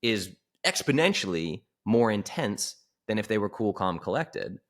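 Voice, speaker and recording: As a guest on a casual podcast, a man who works as a health coach talks in an animated way, saying "like" constantly and acting out quoted voices. His voice is on the low side and his pace is measured.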